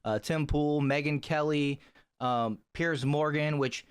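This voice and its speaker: A man's voice: on the high side, steady tone, slow, smooth. A man hosting a channel, opening the video in an upbeat, gloating, casual way. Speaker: channel host.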